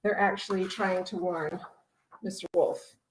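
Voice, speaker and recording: A woman who teaches kindergarten, retelling a picture book with lively energy and lots of "like" over a video call. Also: lowish voice, a little slow, a little hiss or hum, poor audio. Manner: animated retelling with many "like"s. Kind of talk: casual sharing in a class discussion.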